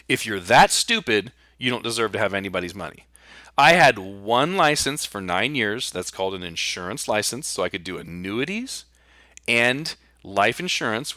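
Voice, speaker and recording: Fired-up man ranting bluntly, bright voice. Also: on the low side, no echo, clean studio sound. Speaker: podcast host and retirement planner. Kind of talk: solo podcast monologue.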